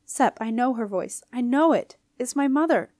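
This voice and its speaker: A woman's voice: on the high side, lively intonation, normal speed, a little mellow, no echo, clean studio sound, pitched above the performer's own voice, natural voice. A woman reading aloud and voicing a teenage princess girl who talks urgently and emotionally. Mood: upset.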